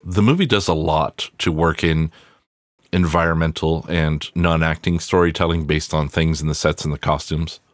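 Very deep-voiced, profane podcast host. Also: male voice, no echo, studio quality. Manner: profane, wry, rambling asides. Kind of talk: casual solo movie review.

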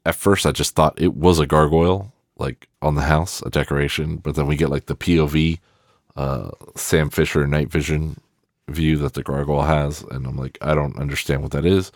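A man's voice: rumbling low, fairly even intonation, normal speed, no echo, studio quality. A man giving a rambling, casual film commentary, swearing freely and trailing off in restarts. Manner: rambling and profane, with many fillers and restarts. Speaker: film reviewer.

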